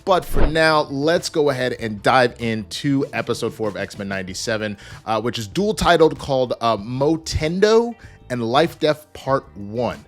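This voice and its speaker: Male reviewer, 30s, casual vlog, animated and jokey, mid-pitched, light music behind. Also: unhurried. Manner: energetic, joking, swears, acts out characters. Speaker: show reviewer.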